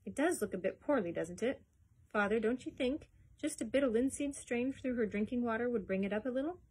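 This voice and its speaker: A woman's voice: on the high side, animated, a little fast, darkish tone, husky, voice pushed up. A woman reading a storybook aloud and voicing a hopeful young boy who pleads in a rush of words. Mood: coaxing. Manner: eager, words racing, pleading.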